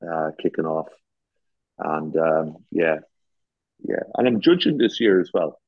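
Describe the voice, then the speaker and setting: A man's voice: rumbling low, lively intonation, a little slow, no room sound. An Irish man, a garden designer, chatting casually as a guest, telling rambling anecdotes with many restarts and self-deprecating jokes, on a dull lo-fi recording. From Ireland. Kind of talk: casual storytelling chat.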